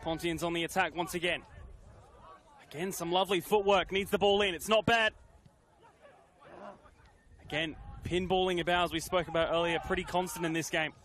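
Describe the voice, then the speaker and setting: A man doing live play-by-play commentary on a football match, calling the action in brisk, clipped phrases that lift with the play. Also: sits high, fairly even intonation, fairly bright tone.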